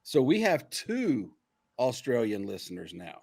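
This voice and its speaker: A man's voice: medium pitch, huge pitch swings, measured pace, darkish tone, breathy edge, no echo, clean studio sound. A man co-hosting a casual podcast, joking and teasing his listeners. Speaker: podcast co-host.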